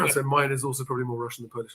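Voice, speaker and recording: A man's voice: medium pitch, little pitch movement, very fast, pushed and bright. A man hosting a podcast, giving frank, matter-of-fact advice in casual chat and swearing now and then. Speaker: podcast host, property expert.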